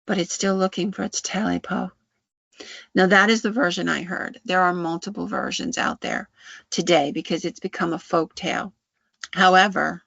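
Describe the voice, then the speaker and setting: A podcast host casually retelling a folk tale, with frequent restarts and halting phrasing. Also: mid-range voice, vocal fry, fairly bright tone, dry recording, dull audio.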